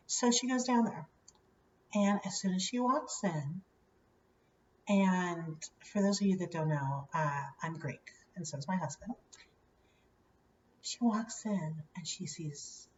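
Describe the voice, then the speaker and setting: A woman tells a personal story in a relaxed, chatty vlog, slipping in fillers and acting out what others said. She sits a little away from the mic, so her voice comes through roomy and slightly muffled, with a faint hum behind her. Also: lowish voice, measured pace, distant mic. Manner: chatty, many "you know" fillers, animated quoting. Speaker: vlogger. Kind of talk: casual storytelling to camera.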